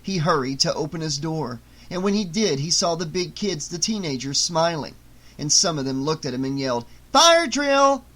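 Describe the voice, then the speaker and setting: A man reading an audiobook in a steady, measured way. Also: a little high, poor audio. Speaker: audiobook narrator. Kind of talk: audiobook narration.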